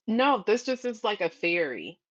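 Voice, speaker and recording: A woman's voice: medium pitch, very animated, normal speed, dull audio. A woman guest on a livestream, talking casually in a blunt, profane, slangy way. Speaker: stream guest. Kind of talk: casual chat.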